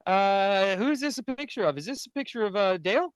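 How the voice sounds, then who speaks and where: A man's voice: high voice, animated, brisk, clean tone, no room sound. A man co-hosting a casual podcast, reading memes aloud with frequent fillers and laughs. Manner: laughs often, reads captions with hesitant fillers.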